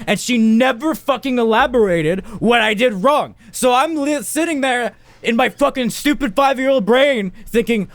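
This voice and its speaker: A man's voice: very high-pitched, normal speed, dry recording. A young man co-hosting a podcast over a voice call, telling a profane, ranting story in casual chat. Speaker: podcast co-host. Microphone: recorded on a voice call.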